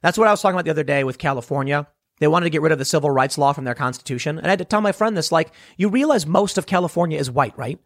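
A man's voice: a little high, racing, no room sound, studio quality. A man delivering an opinionated monologue commentary, talking emphatically with restarts and rhetorical questions. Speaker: political commentator.

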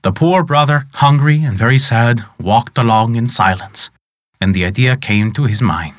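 A man narrating a folk tale in an expressive, dramatic way as the storyteller of the show. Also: medium pitch, moderate pace, no room sound, clean studio sound.

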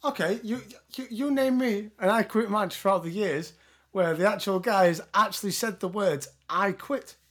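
A man's voice: high voice, normal speed, a bit bright, husky. A man, co-hosting a casual podcast, blunt and sweary, arguing his point. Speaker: podcast co-host.

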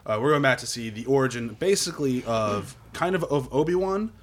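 A man talks quickly in casual podcast chat, retelling a story with lots of energy. He slips into goofy voices for the quotes. His pitch sits in the middle for a man. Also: expressive.

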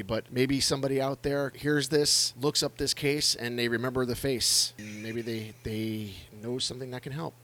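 A man's voice: medium pitch, a bit bright. A man co-hosting a true-crime podcast in casual chat, swearing freely and stammering when he gets worked up. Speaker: podcast co-host.

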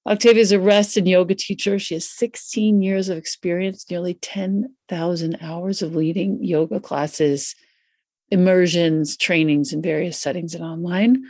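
A woman hosting a podcast, introducing her guest in an effusive, excitable way and riffing casually. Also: on the low side, moderate pace, dry recording, clean studio sound. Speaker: podcast host. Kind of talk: warm podcast interview intro. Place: Santa Fe, US.

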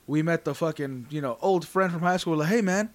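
A man's voice: on the high side, a little fast. A young man co-hosting a casual podcast, talking in a laid-back, rambling way full of fillers. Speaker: podcast co-host. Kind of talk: casual chat.

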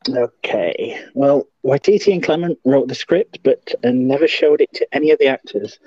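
A male podcast co-host reading film trivia in a flat, matter-of-fact way. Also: mid-range voice, moderate pace, no room sound. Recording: dull lo-fi.

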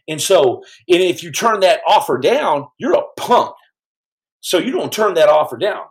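A man telling a story on his podcast in a casual, animated way, stumbling over restarts and acting out the quotes. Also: high voice, normal speed, low-quality recording.

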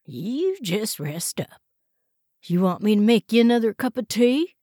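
A woman voicing a gruff, soft-spoken male farmhand with a folksy drawl, in a storybook reading. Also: medium pitch, big pitch swings, unhurried, dry recording, studio quality, voice pushed up. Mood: gentle.

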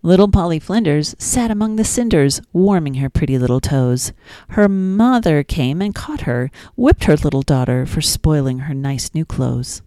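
Low, mellow woman reading nursery rhymes. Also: normal speed, no room sound. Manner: sing-song, playful reading with asides. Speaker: children's podcast host.

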